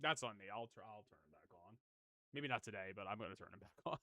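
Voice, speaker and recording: A man's voice: lowish voice, expressive, fast, bright, forceful tone, dry recording. A man hosting a game stream, chatting playfully and laughing often. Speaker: streamer host. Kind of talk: casual chat on a game stream.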